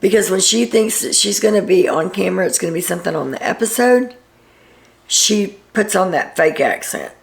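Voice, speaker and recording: Wry gravelly-voiced woman recapping. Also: mid-range voice, normal speed. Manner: wry, gossipy retelling with sarcastic asides. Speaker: reality TV recap host. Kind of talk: casual recap commentary.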